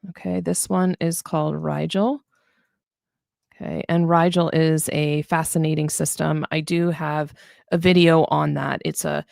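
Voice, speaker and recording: A woman's voice: on the low side, vocal fry, dry recording, clean studio sound. A woman author hosting a live-streamed astronomy lesson, explaining stars in a chatty way with fillers and restarts.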